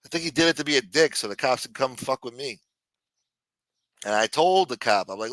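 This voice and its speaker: A man's voice: mid-range voice, animated, fairly quick, long pauses, fairly bright tone, dry recording. A man hosting a livestream, telling stories in a rambling, profane, casual way. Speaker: livestream host.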